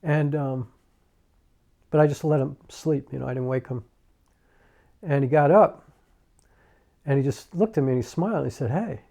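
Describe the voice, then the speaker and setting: A man's voice: mid-range voice, gravelly, dark tone. Reflective middle-aged man telling a story. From New York. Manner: halting and reflective, many pauses and fillers. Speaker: filmmaker and YouTuber. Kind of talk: casual personal storytelling to camera.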